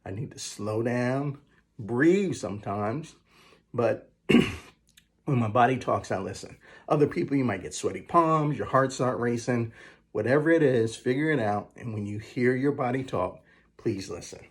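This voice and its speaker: A man coaching viewers through numbered communication tips, slowing down to stress the key phrases. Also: medium pitch, husky. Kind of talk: motivational advice talk.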